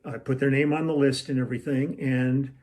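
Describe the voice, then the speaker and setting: A man's voice: medium pitch, fairly even intonation, fairly quick, a little mellow. Older man rambling through a story. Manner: rambling, meandering, acts out quoted lines. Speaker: musician telling a tour story. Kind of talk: casual storytelling to camera. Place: at home, room with a shelf.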